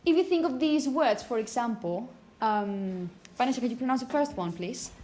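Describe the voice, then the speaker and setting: A woman's voice: a little high, expressive, dark tone. Patient woman teaching pronunciation. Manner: patient, checks in with "okay?" and repeats words slowly. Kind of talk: classroom phonetics lesson.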